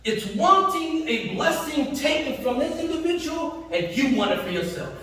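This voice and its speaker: A man's voice: very high voice, big pitch swings, moderate pace, sharp tone, a little hiss or hum. A man giving a Friday sermon in a mosque, emphatic and slangy, stopping to act out everyday voices. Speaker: Friday prayer preacher. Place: mosque hall. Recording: echoey hall, voice from far off.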